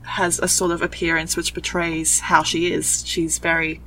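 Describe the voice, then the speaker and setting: A woman's voice: sits low, flat delivery, moderate pace, bright, forceful tone, slight background noise, rough recording. A woman guest on a podcast, chatting enthusiastically. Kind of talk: casual chat.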